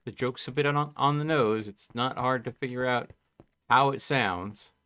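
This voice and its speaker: A man's voice: medium pitch, bright, forceful tone, smooth. A man on a live game stream, chatting casually and thinking aloud as he plays. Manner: slow, thinking aloud while playing. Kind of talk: casual live gameplay chat.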